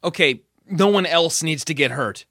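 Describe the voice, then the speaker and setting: A man voicing a calm police chief in an audiobook, urging restraint. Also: on the high side, moderate pace, slightly rough, no echo, studio quality, exaggerated voice. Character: calm middle-aged male police chief.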